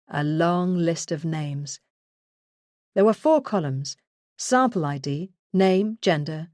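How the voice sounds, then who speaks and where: A woman narrating a first-person true crime memoir in a measured, earnest way. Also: lowish voice, darkish tone, dry recording, studio quality. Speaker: audiobook narrator.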